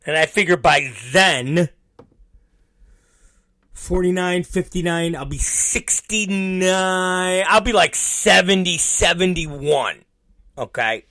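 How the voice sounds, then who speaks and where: A man in his fifties hosting a podcast, telling rambling, profane stories in a casual, animated way. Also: sits high, slow pace, dry recording. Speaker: podcast host. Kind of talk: casual storytelling monologue.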